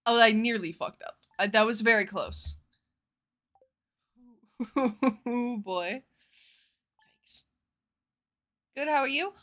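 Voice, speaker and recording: A woman streamer chatting casually with her viewers, telling stories in an expressive, profane way. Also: on the high side, takes it slowly, long pauses. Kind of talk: casual live-stream chat.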